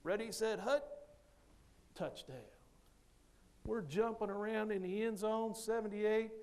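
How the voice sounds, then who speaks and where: A man giving a motivational speech, telling a story with lively delivery and acting out the other people's lines. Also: high-pitched, slow pace. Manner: animated storyteller who acts out others' lines. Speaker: motivational speaker.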